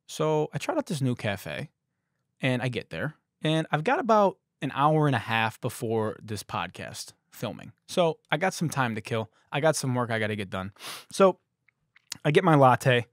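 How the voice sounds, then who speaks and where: Animated sarcastic man in his thirties. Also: medium pitch, moderate pace, no room sound, studio quality. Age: 30s. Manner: sarcastic, animated, puts on voices for quoted people. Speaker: podcast host. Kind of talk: comedic storytelling monologue.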